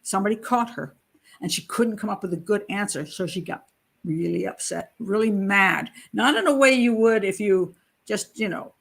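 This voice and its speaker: A woman's voice: mid-range voice, moderate pace, gravelly. A middle-aged woman hosting her own channel as a criminal profiler, chatting casually and emphatically, often repeating phrases for effect. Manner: conversational, emphatic, repeats phrases, mimics others in quotes. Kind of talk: casual commentary to camera.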